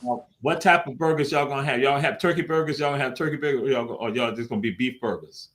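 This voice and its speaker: A man's voice: medium pitch, quick pace, background noise. A male host runs a casual live talk show. He is folksy and repeats his questions in a call-and-response rhythm.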